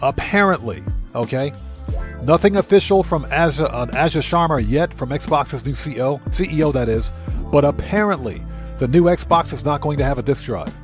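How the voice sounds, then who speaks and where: A man's voice: fairly high pitch, lively intonation, normal speed, soft background music. A man hosting a livestream, ranting indignantly and greeting chatters by name. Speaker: livestream host.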